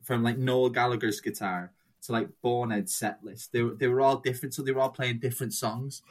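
A young man tells a rambling anecdote in casual chat, swearing freely and slipping into the voices of the people in the story. His voice sits at an ordinary middle pitch. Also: steady tone, a little fast.

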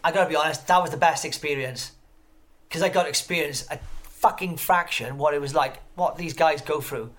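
A man's voice: on the high side, brisk, a bit bright. Male guest, casual chat, constant swearing, loose rambling delivery. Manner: profane, rambling storyteller.

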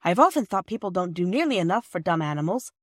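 A woman's voice: lowish voice, sing-song, quick pace, no room sound, studio quality. A woman voicing a young boy, a big brother who lectures his sisters in a self-righteous way. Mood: lecturing.

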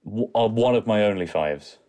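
A man co-hosting a podcast, chatting in a relaxed, easygoing way. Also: lowish voice, normal speed. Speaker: podcast co-host. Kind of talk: casual chat.

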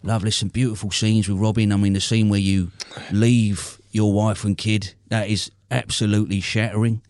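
A man co-hosting a podcast interview with deadpan, swaggering, profane comic banter. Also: fairly low pitch, moderate pace, no room sound, studio quality. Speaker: podcast co-host.

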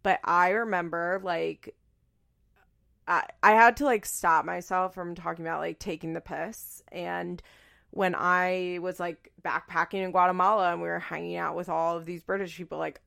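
A woman in her thirties talks through a casual solo podcast in a lowish voice with a gravelly edge. She rambles with lots of fillers and pokes fun at herself. Her delivery is loose and chatty. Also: fairly even intonation, moderate pace, fairly bright tone. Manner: chatty, self-deprecating, rambling with many fillers. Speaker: podcast host.

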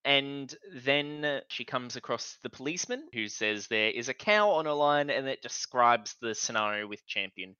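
A man co-hosting a casual online podcast discussion, animated and prone to stammering restarts. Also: medium pitch, moderate pace, hardly any pauses, clean tone, no room sound, dull audio. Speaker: podcast co-host.

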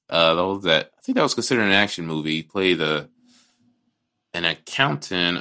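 A man's voice: low voice, bright, forceful tone. A man co-hosting a casual movie podcast, talking bluntly and profanely, often restarting his sentences. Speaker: podcast co-host.

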